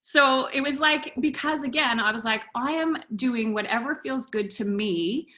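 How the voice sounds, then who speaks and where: A woman's voice: high-pitched, moderate pace, pushed and bright. A woman guest on a podcast telling a story casually and animatedly, with lots of fillers and laughter.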